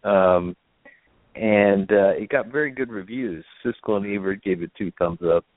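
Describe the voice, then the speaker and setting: A man hosts a casual movie review podcast, speaking hesitantly and filling his talk with lots of "uh" and "um." His voice is lowish and his pace moderate, with a dry, phone-like recording.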